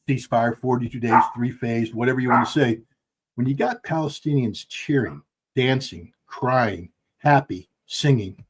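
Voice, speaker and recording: A man's voice: medium pitch, darkish tone, a little hiss or hum. A middle-aged man giving heated, emphatic podcast commentary from home, blunt and impassioned. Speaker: guest commentator. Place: at home with dogs.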